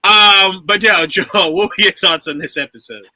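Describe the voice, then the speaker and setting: A man co-hosting a casual podcast chat, animated and laughing often as he acts out his reactions. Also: high-pitched, moderate pace, no room sound, poor audio. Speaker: podcast co-host.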